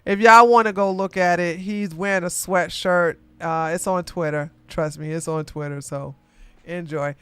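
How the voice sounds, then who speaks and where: A woman hosting a casual livestream commentary, chatty and quick to laugh, with animated bursts. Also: fairly low pitch, clear, resonant tone.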